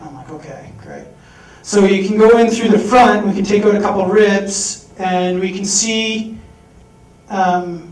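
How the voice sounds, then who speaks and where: A man telling a personal story on stage, animated, acting out the voices he quotes. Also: sits high. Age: adult. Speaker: speaker. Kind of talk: storytelling talk. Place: large hall. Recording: echoey hall from far off.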